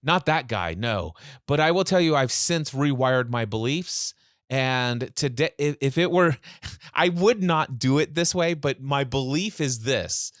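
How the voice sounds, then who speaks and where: A man in a podcast interview tells a story with animated energy, slipping into the voices of both sides of a phone call. His voice sits at a medium pitch. The recording is dry, with no room sound. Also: unhurried, dry recording. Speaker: podcast guest, mindset coach. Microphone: remote call.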